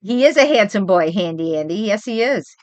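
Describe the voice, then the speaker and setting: An older woman and grandmother hosting a casual livestream chat, rambling and animated as she tells stories from home. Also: medium pitch, a little fast, no echo, highs cut off. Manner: chatty, rambling, animated storytelling. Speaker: livestream host.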